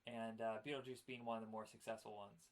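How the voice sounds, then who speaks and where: A man's voice: fairly low pitch, level tone, fast. A man co-hosting a casual chat about old cartoons, rambling with fillers and laughing often. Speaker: podcast co-host.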